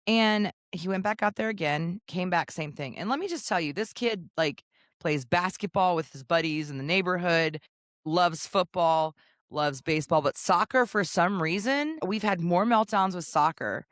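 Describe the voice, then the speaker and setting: A woman co-hosting a podcast, telling a parenting story in an animated, casual way and acting out voices. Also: on the low side, moderate pace, no room sound, studio quality. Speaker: podcast co-host. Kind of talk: casual chat.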